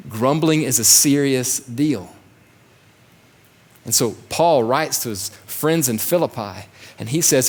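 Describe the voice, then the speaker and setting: A man's voice: medium pitch, expressive, takes it slowly, darkish tone. A man preaching a sermon as pastor, emphatic and repetitive, sometimes acting out complaining voices. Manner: emphatic, repeats phrases, acts out grumbling voices.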